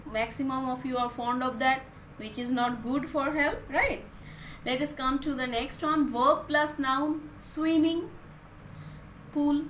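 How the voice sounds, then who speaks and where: A woman, teaching a class and explaining words slowly, one at a time. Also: sits high, fairly bright tone, echoey room, a little hiss or hum. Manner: slow, explaining word by word. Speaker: English teacher. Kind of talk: recorded online class lesson.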